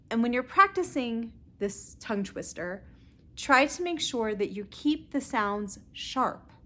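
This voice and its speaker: A woman with a Southern Californian accent teaching pronunciation, repeating each word slowly and clearly. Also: on the high side, animated, sharp tone. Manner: clear, deliberate word repetition. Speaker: pronunciation tutor. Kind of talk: slow pronunciation lesson.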